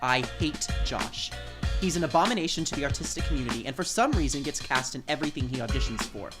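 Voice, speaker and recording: A man narrating as a self-absorbed young theater actor, in smug, deadpan scripted film narration. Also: medium pitch, quick pace, natural voice. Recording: narration over music.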